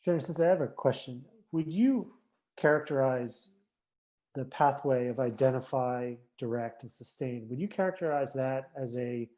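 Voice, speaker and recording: Mellow-voiced male student asking a question. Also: mid-range voice, moderate pace.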